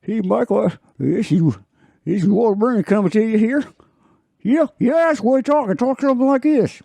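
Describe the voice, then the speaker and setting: A man doing an impression of an old, folksy male film actor, drawling in a high, creaky voice. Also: brisk, dark tone, dry recording.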